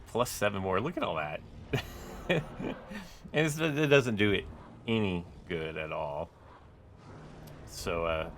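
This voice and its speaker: A man's voice: lowish voice, creaky, a bit bright, a little hiss or hum. A man giving casual, rambling gameplay commentary as a gaming YouTuber, full of "like" and "uh" fillers.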